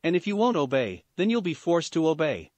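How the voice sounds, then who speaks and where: A man's voice: a little high, sing-song, brisk, a little mellow, dry recording. A man reading a smug, scheming male ninja villain who speaks in a mocking way. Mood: menacing.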